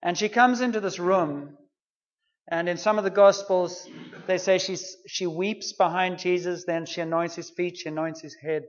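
A man's voice: high voice, steady tone, moderate pace, dull audio. A man preaching a sermon, retelling a story in an earnest, conversational way.

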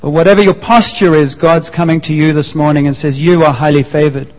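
A man's voice: fairly high pitch, steady tone. Preaching man in a reverberant hall. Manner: emphatic, repeats key phrases, slows for emphasis. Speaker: pastor. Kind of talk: sermon. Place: church hall. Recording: muffled sound with long church reverb.

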